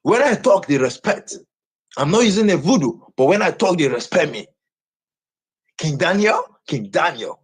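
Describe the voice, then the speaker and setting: High, husky man ranting on a livestream. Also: very animated, normal speed. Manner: shouting, repetitive, agitated.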